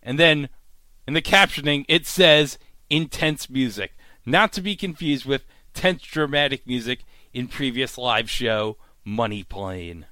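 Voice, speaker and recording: A man hosting a podcast, recapping a TV episode with animated, mock-incredulous outbursts. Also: medium pitch, no echo. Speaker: podcast host.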